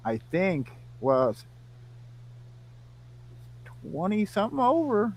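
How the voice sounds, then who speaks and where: A man from Iowa telling an animated story to friends, acting out both sides of the conversation. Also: sits high, takes it slowly, gravelly. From Iowa, United States. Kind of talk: casual storytelling among friends.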